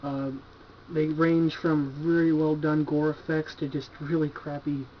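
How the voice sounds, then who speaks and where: A man's voice: a little high, level tone, unhurried, slight background noise. A man casually reviewing horror movies from his collection at home, laid-back and enthusiastic, swearing freely and filling his talk with "like" and "you know.". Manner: laid-back, profane, enthusiastic, filler-heavy. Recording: dull lo-fi home video recording.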